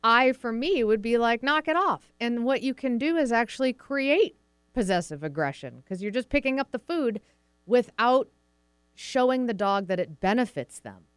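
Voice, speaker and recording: Chatty woman host, smooth, close and dry. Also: fairly high pitch, lively intonation, moderate pace, no room sound. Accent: American Pacific Northwest. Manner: chatty, acts out quoted voices of dogs and owners. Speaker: podcast host, dog trainer. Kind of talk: casual explanatory talk.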